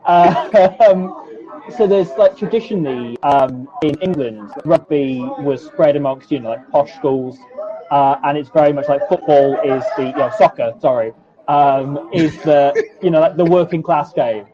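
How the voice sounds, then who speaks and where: A man's voice: a little high, a little slow, dull audio, crowd noise. A Welsh man talking as an interview guest, self-deprecating and chuckling, with many hesitant fillers. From Wales. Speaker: guest, YouTube rugby analyst. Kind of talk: casual interview chat.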